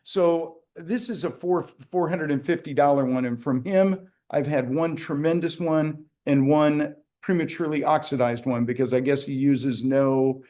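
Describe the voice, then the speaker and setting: Joking higher-voiced man hosting a tasting. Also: fairly even intonation, a little slow, few pauses, dark tone. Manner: rambling, joking, many fillers and restarts. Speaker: winery executive hosting a tasting. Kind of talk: casual virtual tasting chat. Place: winery. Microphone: video call.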